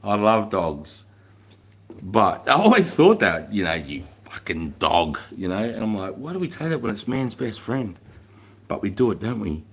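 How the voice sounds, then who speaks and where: Deep-voiced swearing livestream host. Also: male voice, sing-song, normal speed, fairly bright tone, breathy edge. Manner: profane, rambling, laughs often. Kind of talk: casual livestream chat, reading viewer comments aloud.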